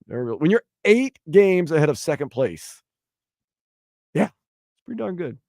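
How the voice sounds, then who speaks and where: A man hosting sports talk radio, bantering and joking in a lively way. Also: sits high, measured pace, gravelly, no echo, clean studio sound. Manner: animated, jokey, puts on silly voices for stories. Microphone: studio microphone.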